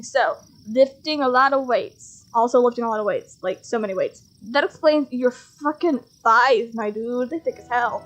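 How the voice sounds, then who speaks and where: A woman reading a dating game's text aloud as she plays, excitable and quick to laugh, with mock outrage. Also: on the high side, muffled recording. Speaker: gaming streamer. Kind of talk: let's play commentary, reading game text aloud.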